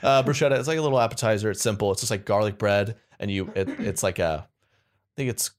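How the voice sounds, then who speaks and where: A man's voice: on the low side, fast. A young man co-hosting a podcast, chatting casually in a rambling, jokey way. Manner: rambling, jokey, slips into silly put-on accents. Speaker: podcast co-host. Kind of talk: casual comedic chat.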